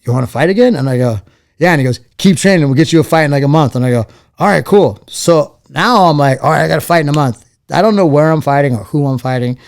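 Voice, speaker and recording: A man tells his story loosely and casually as a guest. He plays out the voices of the people in his stories, and his pitch rises and falls as he does. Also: fast. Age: 40s. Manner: animated storyteller acting out quoted voices. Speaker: interview guest, former fighter.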